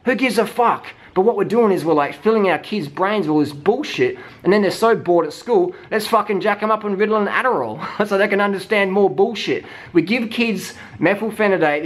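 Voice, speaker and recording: A man's voice: high voice, animated, moderate pace, hardly any pauses. A man ranting heatedly, swearing constantly and mimicking people in mocking voices. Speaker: vlogger. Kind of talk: profane rant.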